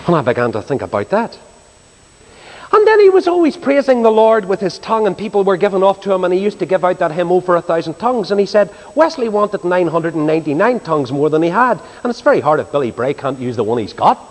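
Animated preacher man in a reverberant hall. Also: sits high, fast. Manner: animated, swinging from loud exclamations to hushed tones. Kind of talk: storytelling sermon. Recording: long reverb of a large hall.

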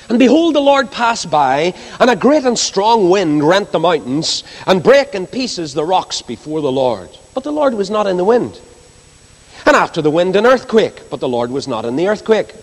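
A male preacher with a fairly high voice, reading scripture and swinging widely in pitch for emphasis. He breaks off into asides to the congregation. His voice carries a long reverb, as in a large hall. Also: normal speed. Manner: expressive, rising and falling emphasis, asides to the congregation.

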